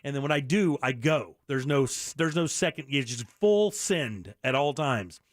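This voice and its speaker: A man's voice: mid-range voice, expressive, normal speed, no echo, clean studio sound. A middle-aged man hosting a radio show, talking earnestly and bluntly with many restarts. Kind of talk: candid talk radio monologue.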